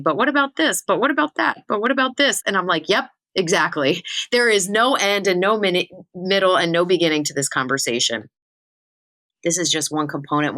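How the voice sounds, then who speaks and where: A woman hosting her own spiritual podcast, talking in a chatty, animated and self-teasing way. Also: deep voice, no room sound. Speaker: spiritual medium and podcast host. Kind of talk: casual solo podcast talk.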